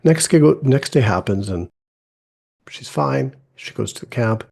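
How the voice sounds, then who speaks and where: A man's voice: mid-range voice, animated, unhurried, gravelly, darkish tone. A middle-aged man, a podcast host, telling a personal story in a casual, conversational way and acting out quoted dialogue.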